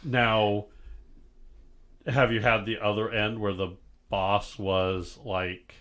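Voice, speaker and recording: A man's voice: lowish voice, flat delivery, takes it slowly, a bit bright. A man co-hosting a casual podcast, joking around, laughing often and asking his guests questions. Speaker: podcast co-host. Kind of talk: casual chat.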